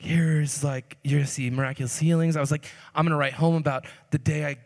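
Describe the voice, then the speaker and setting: A young man preaching a sermon through a funny story, animated and jokey, swinging between loud and hushed. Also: fairly high pitch, fast. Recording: long reverb of a hall.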